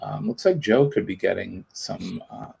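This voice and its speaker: Middle-aged guy with a low gravelly voice, rambling through a live chat with lots of ums. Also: moderate pace, a little mellow. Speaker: livestream host.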